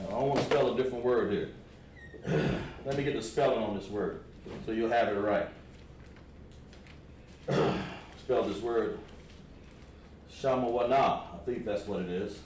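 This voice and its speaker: A man with a Southern American accent, patiently explaining a lettering lesson step by step to a class. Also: mid-range voice. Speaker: Hebrew lettering teacher. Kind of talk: classroom instruction. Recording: echoey room with background noise.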